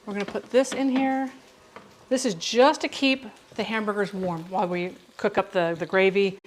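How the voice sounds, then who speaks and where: A woman's voice: mid-range voice, steady tone, moderate pace, slight background noise, low-quality recording. Chatty middle-aged woman cooking at home. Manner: rambling, warm storytelling with frequent asides to viewers. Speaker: cooking show host. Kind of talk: chatty live cooking demonstration. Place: home kitchen. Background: sizzling frying pan.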